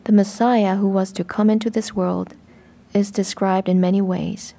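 A woman reading a translated sermon in a measured, even way. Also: medium pitch. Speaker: voice-over reader of a sermon.

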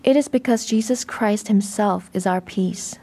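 A woman reading a translated sermon in a measured, even way. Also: mid-range voice, slightly rough. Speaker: voice-over reader of a sermon.

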